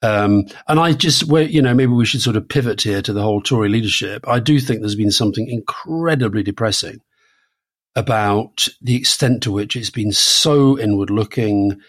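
With a lowish voice at normal speed, this sixty-something man talks casually as co-host of a political podcast. He keeps restarting his sentences and leans heavily on fillers.

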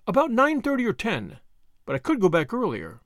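A man's voice: high-pitched, huge pitch swings, brisk, fairly bright tone, dry recording, studio quality, pitched above the performer's own voice, exaggerated voice. A man voicing an impulsive, eager young woman adventurer in an audiobook, in a raised, breathless delivery. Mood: earnest. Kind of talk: audiobook character voice.

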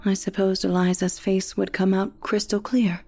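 A woman reading a first-person story in a quiet, reflective way. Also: mid-range voice, little pitch movement, moderate pace. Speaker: narrator.

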